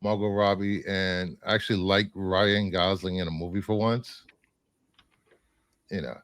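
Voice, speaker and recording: Casual low-voiced man listing films. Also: unhurried, clear, resonant tone, no room sound. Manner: relaxed, rambling, with fillers and laughs. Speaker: co-host presenting film picks. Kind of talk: casual chat.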